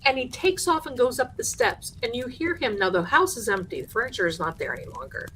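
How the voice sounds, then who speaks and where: A woman hosting a live show, telling a haunted house story with lively energy and acting out the people in it. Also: fairly high pitch, fairly quick, slight background noise. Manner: animated, acts out the people in her story. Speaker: host.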